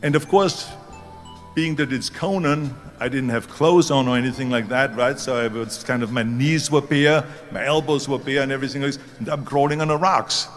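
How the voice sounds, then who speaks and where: A man's voice: mid-range voice, normal speed, soft background music. A man in his seventies with a German accent, giving a motivational speech as emphatic storytelling that leans hard on key words. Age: 70s. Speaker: speaker.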